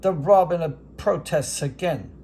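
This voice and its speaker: A man voicing a veteran male sportscaster doing bombastic, drawn-out ringside play-by-play over a mock bout. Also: on the high side, darkish tone, slight background noise. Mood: grandiose.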